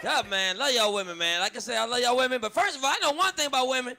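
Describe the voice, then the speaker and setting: A man doing a loud stand-up set on a club stage, working the crowd and acting out voices. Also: extremely high pitch, rapid-fire, faint music behind. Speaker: stand-up comedian. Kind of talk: stand-up routine.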